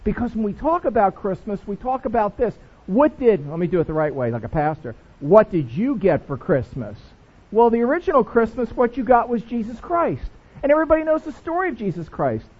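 A man's voice: very high voice, very animated, fast, hardly any pauses, husky. A man preaching a sermon as pastor, playful and jokey with his congregation. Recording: dull lo-fi recording.

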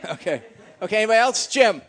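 A man's voice: high-pitched, expressive, fast talker, a bit bright. A middle-aged man leading a church gathering, joking and teasing his congregation in a casual, chatty way.

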